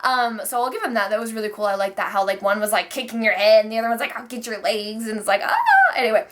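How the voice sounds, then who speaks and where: A young woman casually recapping wrestling, chatty and profane, often acting out the wrestlers in quick bits. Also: on the high side, steady tone, a bit bright.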